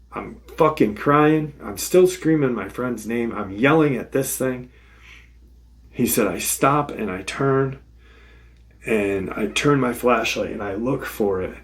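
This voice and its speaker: A man hosting a paranormal channel, casually retelling a witness's encounter in first person, swearing freely and repeating "he said". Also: fairly low pitch. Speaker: paranormal podcast host.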